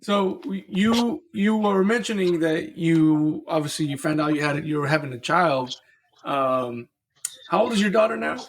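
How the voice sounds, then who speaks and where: A man's voice: on the high side, animated, normal speed, a little hiss or hum. A man co-hosting a podcast, asking questions and steering the guest's story. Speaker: podcast co-host. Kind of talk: interview questions.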